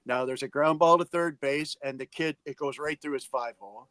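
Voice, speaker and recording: A man's voice: medium pitch, normal speed, fairly bright tone, no room sound, rough recording. A middle-aged man, co-hosting a sports podcast and recounting umpiring stories emphatically, acting out what people said. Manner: emphatic, acts out quotes. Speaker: podcast co-host, umpire evaluator. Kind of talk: casual storytelling chat.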